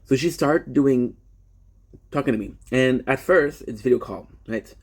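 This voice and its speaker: Gravelly, husky-voiced man telling a story. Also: medium pitch, unhurried. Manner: rambling, self-correcting storytelling. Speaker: streamer. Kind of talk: confessional live-stream monologue.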